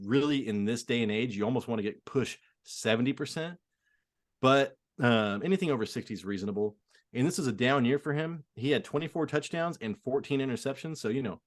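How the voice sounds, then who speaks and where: A man co-hosting a fantasy football podcast, talking casually and opinionatedly with lots of fillers. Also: mid-range voice. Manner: filler-heavy, quick, opinionated. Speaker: podcast co-host. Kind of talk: casual sports chat.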